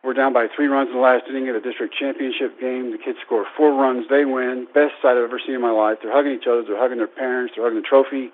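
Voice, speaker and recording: A man in his thirties, a baseball coach, telling a lively personal story to an audience and acting out the voices in it. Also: medium pitch, fast talker, few pauses. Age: 30s. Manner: animated, acts out quoted voices. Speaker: baseball coach and public speaker. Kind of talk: storytelling speech. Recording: tinny phone-like radio broadcast.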